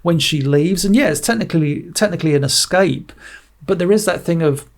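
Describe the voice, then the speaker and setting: Gravelly, higher-voiced man reviewing a film. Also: a little fast. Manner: rambling, many restarts and fillers; animated retelling of scenes. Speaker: podcast co-host. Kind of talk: casual film review chat.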